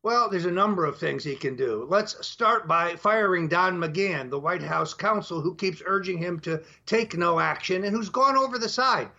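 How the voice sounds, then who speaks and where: A man's voice: high-pitched, lively intonation, normal speed, vocal fry, few pauses, pushed and bright. An older man as an interview guest, speaking emphatically and laying out his points one by one, on dull lo-fi audio. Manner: emphatic, lays out numbered points. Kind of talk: talk show interview.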